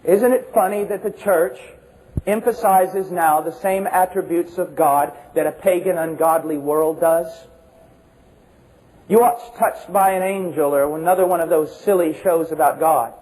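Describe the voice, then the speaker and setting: A man preaches a sermon with passion, relying on rhetorical questions and repetition as he swings between shouts and hushed, low tones. He speaks a little slowly, and the recording is rough.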